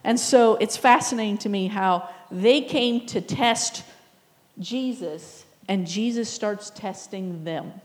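A woman's voice: medium pitch, slow pace, long reverb tail. A woman pastor preaching a sermon in a conversational, reflective way, often asking the listeners questions. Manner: reflective, with soft laughs.

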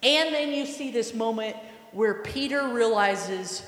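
A woman's voice: mid-range voice, takes it slowly. A woman preaching a sermon, telling a story with imagination and asking her listeners questions. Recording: echoey hall with long reverb.

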